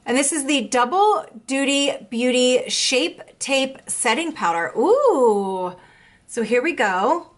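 A young woman vlogger chatting casually as she unboxes makeup, gushing and excitable. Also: high voice, slow. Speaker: beauty vlogger.

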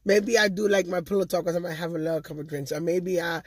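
A woman's voice: lowish voice, level tone, fast, slightly rough, no room sound. Chatty woman vlogger, dry sound. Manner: chatty, talkative, loves to gab. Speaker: vlogger and channel host. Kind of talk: casual vlog chat to viewers.

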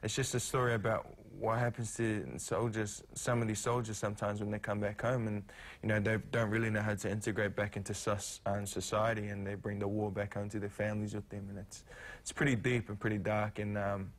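New zealand guy on a morning tv show, low voice, kinda monotone, lots of ums. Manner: halting, many ums and restarts. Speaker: actor guest. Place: TV studio.

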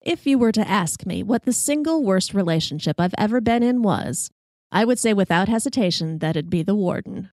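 A woman hosting a podcast, telling a funny personal story in a wry, self-mocking, animated way. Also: mid-range voice, fairly quick, no room sound, clean studio sound. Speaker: podcast host.

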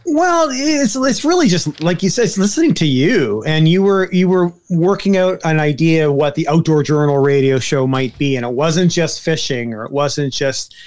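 Slightly high-voiced rambling male guest. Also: moderate pace, few pauses, darkish tone. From Canada. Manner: rambling, self-deprecating, many fillers. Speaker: guest, former show producer. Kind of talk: casual chat.

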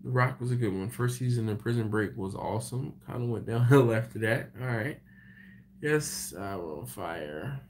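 A man's voice: mid-range voice, moderate pace, slight background noise. A man hosting a livestream, chatting casually with viewers and telling movie stories. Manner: laughing, animated storytelling. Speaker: BBQ channel host on a livestream. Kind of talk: casual chat reading viewer comments.

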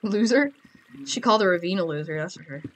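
A woman's voice: lowish voice, lively intonation, fast talker. Woman gamer, chatty and jokey, talks to herself while playing, laughs easily, faint hiss behind. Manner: playful, jokey and giggly, talking to herself. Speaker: Minecraft player. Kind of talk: casual gameplay commentary.

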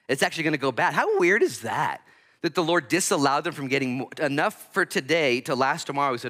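Bright-voiced pastor preaching a sermon. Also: male voice, on the high side, fast talker. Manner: animated preaching with acted-out voices and sudden loud outbursts. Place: church sanctuary.

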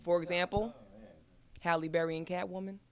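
A woman's voice: fairly low pitch, a little fast. A woman, an actress, chatting casually on a podcast and telling stories bluntly with plenty of swearing. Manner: blunt, profane, animated storyteller. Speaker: actress guest.

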